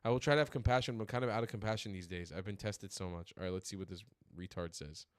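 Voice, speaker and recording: A man's voice: lowish voice, quick pace, clean tone, no room sound. A man hosting a political commentary stream, ranting in furious, profane outbursts. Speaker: streamer host.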